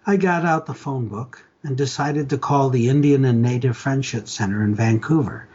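An older man from Canada reads his own stories in an animated way, giving the characters their lines. His voice is husky and breathy at mid pitch. The recording sounds dull and muffled. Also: normal speed. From Ontario, Canada. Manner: animated storyteller, acts out dialogue. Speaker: author reading his stories. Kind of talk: reading aloud, storytelling.

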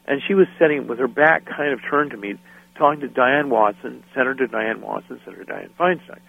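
A middle-aged American man, a musician and guest, telling lively anecdotes and acting out the people in them, often laughing. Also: mid-range voice, a little fast, creaky, no room sound. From United States. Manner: animated anecdotes, acts out quoted voices. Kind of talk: storytelling interview. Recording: dry phone-line sound.

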